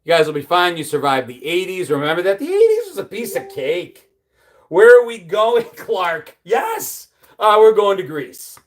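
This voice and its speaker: A man's voice: sits high, sing-song, normal speed. An American man in his forties hosting a casual livestream, talking in an anxious, rambling, self-deprecating way. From United States. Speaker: livestream host. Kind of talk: casual live chat reading viewer comments.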